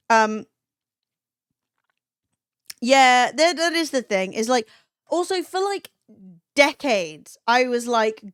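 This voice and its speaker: A woman in her thirties talks to her live stream in a blunt, sweary, chatty way, acting out little impressions as she goes. Her voice sits a touch high, recorded close and dry with no room sound. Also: smooth, dry recording. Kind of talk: casual chat to a live stream.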